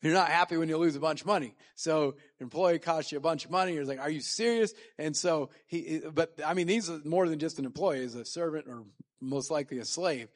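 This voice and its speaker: A man's voice: fairly high pitch, brisk. A man teaching from scripture in a casual sermon, reading verses and explaining them conversationally. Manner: conversational, with fillers and restarts. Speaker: Bible teacher.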